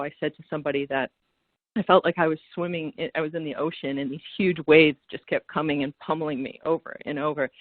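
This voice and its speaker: A man on a webinar panel shares his outlook in a reflective, halting way, repeating words as he starts a thought. His voice sits slightly high. The sound is narrow and phone-like, with no room sound. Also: dry recording. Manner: reflective, stammers on sentence openings. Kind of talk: webinar discussion. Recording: tinny phone-like call audio.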